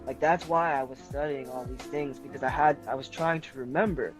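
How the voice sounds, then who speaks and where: A man's voice: mid-range voice, steady tone, brisk, soft background music, rough recording. Man rambling through a personal story. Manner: rambling, leans heavily on filler "like". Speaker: podcast guest. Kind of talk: personal story in casual conversation.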